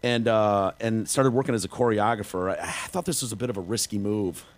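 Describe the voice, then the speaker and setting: A man's voice: lowish voice, a little fast. Joking man telling stories on a podcast. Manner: jokey storyteller, slips into silly put-on accents. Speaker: podcast co-host. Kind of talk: casual comedic chat.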